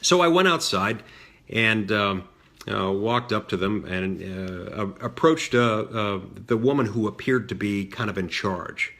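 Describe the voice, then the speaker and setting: A middle-aged man telling a personal story in a measured way, with frequent fillers and restarts. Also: lowish voice, animated, a bit bright. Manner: measured, many fillers and restarts, mimics voices in quotes. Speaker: senator recounting a childhood story. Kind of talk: storytelling monologue.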